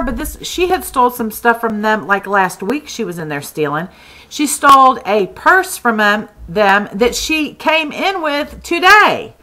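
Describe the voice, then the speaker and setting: A woman's voice: fairly high pitch, measured pace, low-quality recording. A woman from Texas, chatting casually as she tells a story about her candle shop. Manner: chatty, animated retelling with many "like"s.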